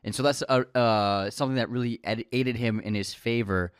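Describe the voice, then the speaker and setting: A man's voice: medium pitch, steady tone, fairly quick, clean tone, no echo, clean studio sound. A man casually discussing a film as a podcast co-host, talking conversationally with frequent restarts.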